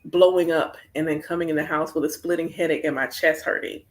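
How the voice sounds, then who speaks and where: Animated American woman chatting on a livestream. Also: low-pitched, brisk. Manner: animated, storytelling with playful asides. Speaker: spiritual practitioner hosting a livestream. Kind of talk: casual livestream chat.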